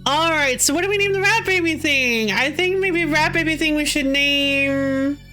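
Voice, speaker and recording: High, bright-voiced giggly woman streamer. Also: moderate pace, soft background music. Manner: excitable and giggly, with panicky shrieks. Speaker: game streamer. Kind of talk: live gameplay commentary.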